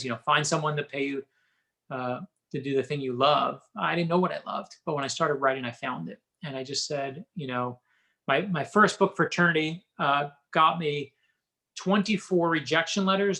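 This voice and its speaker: A middle-aged man, an author being interviewed, telling personal stories in an animated, anecdotal way. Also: on the high side. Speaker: author guest. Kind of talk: interview storytelling.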